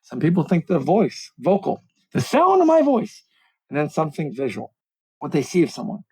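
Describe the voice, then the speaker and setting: A middle-aged communications coach, appearing as a podcast guest over a video call, talks in an animated, explanatory, self-deprecating way. His voice is a little high and slightly rough at a moderate pace, and the recording quality is low.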